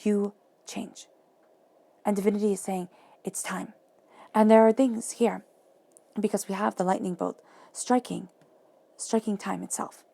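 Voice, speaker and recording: A woman giving a monthly tarot reading, talking softly and reflectively and repeating phrases for emphasis. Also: mid-range voice, steady tone, unhurried, vocal fry, pauses often. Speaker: tarot reader.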